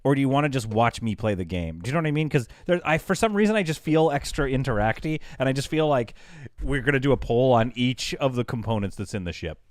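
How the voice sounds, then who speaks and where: A man streams a game live, talking casually to his chat. His pitch swings widely as he jokes and reacts, and he laughs often. The sound is dry and close, with no room echo. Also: animated, quick pace. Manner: chatty, talks to chat. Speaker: livestreamer playing a game.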